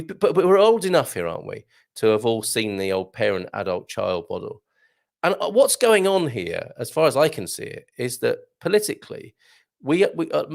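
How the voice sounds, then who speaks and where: A man's voice: medium pitch, gravelly. A man hosting a live stream, reading viewer comments and musing aloud in a wry, rambling way. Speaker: online community host.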